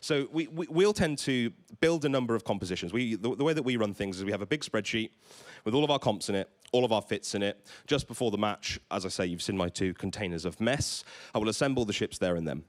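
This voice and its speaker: A man's voice: lowish voice, expressive, fast talker. A man giving an enthusiastic conference talk on stage to a live audience, often stumbling and repeating words. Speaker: conference presenter.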